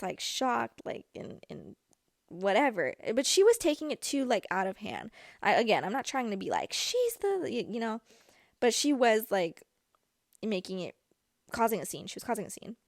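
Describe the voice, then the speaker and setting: On her podcast, a young female host casually retells a personal story in a chatty, animated way, dropping plenty of fillers. Her voice sits a little high, and the recording is dry and studio quality.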